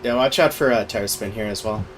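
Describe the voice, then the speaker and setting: A man's voice: lowish voice, fairly quick. Guy chatting thru his sim race, chill and rambly, little bit of hum behind. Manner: laid-back, filler-heavy, thinking aloud while driving. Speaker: sim racing streamer. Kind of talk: casual race commentary.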